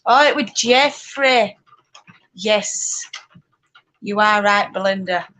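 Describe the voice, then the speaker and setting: Slow-talking Yorkshire woman chatting. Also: mid-range voice, pushed and bright, low-quality recording. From northern England. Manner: chatty and rambling, laughs often, reads out viewer comments. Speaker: spinning vlogger hosting a live chat. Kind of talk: casual live-stream chat.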